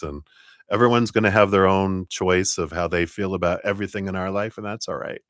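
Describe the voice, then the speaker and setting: A man's voice: low voice, steady tone, brisk, dry recording, studio quality. A middle-aged man giving a casual livestream tarot reading, rambling with many fillers and frequent laughs. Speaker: tarot reader.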